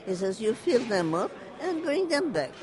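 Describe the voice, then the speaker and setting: A person slowly recounting a family story in an oral history interview, halting, repeating phrases and passing on quoted words. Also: mid-range voice, very animated, a crowd in the background, low-quality recording.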